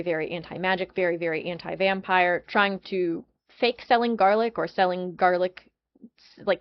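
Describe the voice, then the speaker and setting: A woman's voice: on the low side, muffled recording. A woman presenting a game world's lore in a chatty, casual way, full of fillers and restarts. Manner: chatty, many ums and restarts. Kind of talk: casual lore overview talk.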